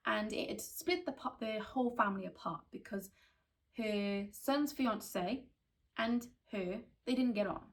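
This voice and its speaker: A woman from Wales, a skin therapist telling candid stories in a podcast chat, animated and full of restarts. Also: medium pitch, gravelly. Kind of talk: casual storytelling in a podcast chat.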